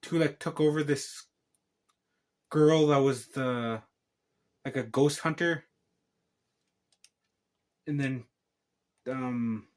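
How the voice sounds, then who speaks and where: A man's voice: medium pitch, takes it slowly, pauses often, a little mellow. A man giving a casual spoken film recap as a reviewer, rambling through a tangled retelling full of restarts.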